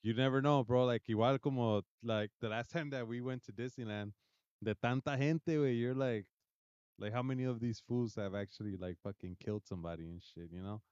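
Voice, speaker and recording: A man's voice: medium pitch, a little fast, darkish tone, clear, resonant tone, no echo, dull audio. A young man from South Central Los Angeles, hosting a casual podcast chat, swearing often and switching between English and Spanish. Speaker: podcast host.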